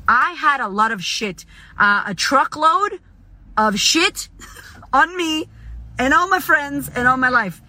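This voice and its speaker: A woman's voice: high-pitched, lively intonation, takes it slowly, sharp tone. A woman giving a blunt, profane motivational monologue from her car. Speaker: motivational speaker.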